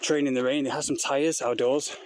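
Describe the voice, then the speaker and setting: A man's voice: medium pitch, fairly even intonation, fairly quick, darkish tone. A man talking into a handheld phone while hiking an outdoor trail, rambling and out of breath. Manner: rambling, blunt, talking while walking uphill. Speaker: vlogger. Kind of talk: casual vlog while hiking. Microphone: phone held in hand. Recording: noisy outdoor phone recording.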